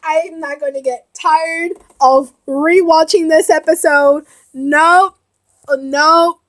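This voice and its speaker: A young woman hosting a reaction video, gushing and emotional, often shouting and giggling as she comments. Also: high voice, steady tone, takes it slowly.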